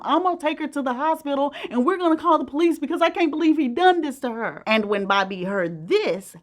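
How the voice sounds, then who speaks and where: A woman hosting her own channel, telling a true-crime story casually and acting out the quoted voices. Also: high-pitched. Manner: animated, acts out quoted voices. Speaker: storytelling host.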